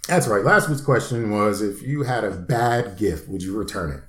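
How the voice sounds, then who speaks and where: A man's voice: lowish voice, normal speed. Podcast host man in a roomy space. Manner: steady, segment-running delivery. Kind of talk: casual podcast chat.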